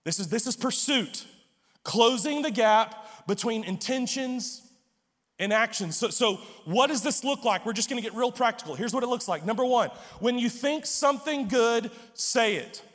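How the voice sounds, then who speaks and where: A man's voice: very high-pitched, expressive, moderate pace, fairly bright tone, in a large hall. A man preaching a sermon as pastor, stammering through restarts and joking asides.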